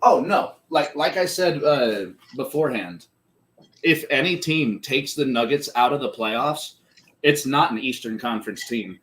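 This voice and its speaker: Podcast guy talking ball, excited fan energy, swears a lot, normal pitch. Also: unhurried. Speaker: podcast co-host. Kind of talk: casual sports chat over a live game.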